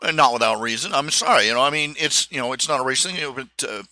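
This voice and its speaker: A man hosting a live stream, talking in a casual, halting monologue full of fillers and restarts. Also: medium pitch, pushed and bright, no room sound. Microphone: streaming microphone.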